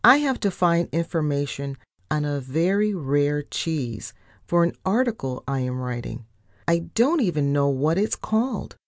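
A woman's voice: sits low, dry recording, clean studio sound. A woman reading the part of a fussy, flustered grown male mouse who edits a newspaper, in storybook narration. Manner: exasperated, flustered.

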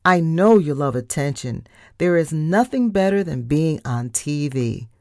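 A bossy, gushing young female mouse, as a woman puts her on in a storybook reading, pitched well up and swooping through lively phrases. The voice comes across dry and close. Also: measured pace, no room sound. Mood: pushy. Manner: bossy, gushing, shouting orders.

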